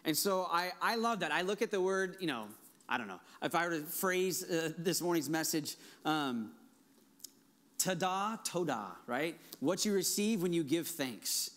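High-voiced enthusiastic male pastor. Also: animated, moderate pace, a bit bright. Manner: enthusiastic, conversational, with frequent restarts and fillers. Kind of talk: sermon.

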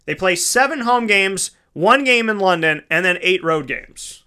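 A man's voice: high-pitched, animated, unhurried, sharp tone, clear, resonant tone. A man hosting a casual solo sports talk show, chatty and rambling, correcting himself mid-sentence and calling his listeners folks.

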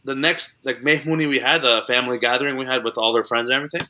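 A man's voice: mid-range voice, fairly even intonation, rapid-fire, bright, forceful tone. A young man, a comedian, chatting as an interview guest in a rambling way, full of likes and restarts. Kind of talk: casual interview chat.

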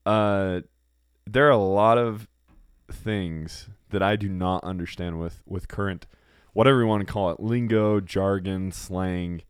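A man's voice: low-pitched, measured pace, smooth, no echo, studio quality. A man in his thirties co-hosting a podcast, chatting casually and joking around. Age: 30s. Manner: joking, playful, drops into silly voices. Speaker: podcast co-host. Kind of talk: casual chat.

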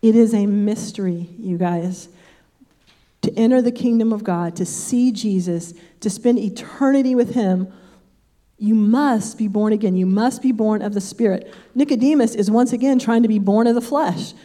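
A woman's voice: mid-range voice, moderate pace, mellow. An older woman giving a casual Bible teaching, chatty and full of personal asides.

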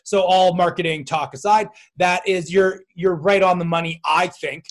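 A man's voice: high voice, moderate pace. A man hosting a casual interview podcast, telling stories with animation and frequent laughter. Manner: animated storyteller, laughs often. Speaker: podcast host.

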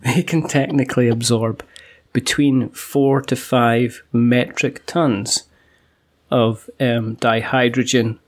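Scottish man guesting on a casual podcast, deadpan jokey delivery. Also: medium pitch, takes it slowly, slight background noise. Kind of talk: casual chat.

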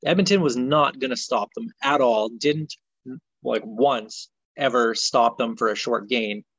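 A man's voice: medium pitch, measured pace, breathy edge, no echo. Podcast co-host, man, exasperated sports ranter, dry dull lo-fi sound. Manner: exasperated ranting, animated. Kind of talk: casual sports chat.

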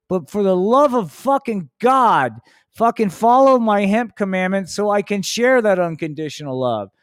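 A man voicing a preachy stoner messiah in a comedic puppet show, loud and sermonizing with a drawn-out drawl. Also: high voice, no room sound, studio quality, voice pushed up. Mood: ranting sermon.

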